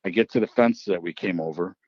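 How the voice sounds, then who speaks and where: A middle-aged man from Wisconsin telling a hunting story in casual chat, animated and swearing, acting out what people said. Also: low voice, fast talker, no echo. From Wisconsin, United States. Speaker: podcast host. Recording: slightly muffled, dry.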